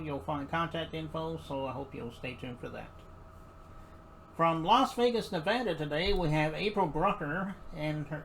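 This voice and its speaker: A man hosting an interview show, friendly and halting, with many pauses. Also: on the high side, a bit bright, low-quality recording. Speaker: show host. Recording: faint background noise.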